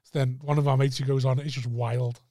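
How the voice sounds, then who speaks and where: A man's voice: mid-range voice, little pitch movement, quick pace, warm tone, no echo, clean studio sound. A young man, chatting casually and telling a rambling, sweary story, often laughing. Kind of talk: casual chat.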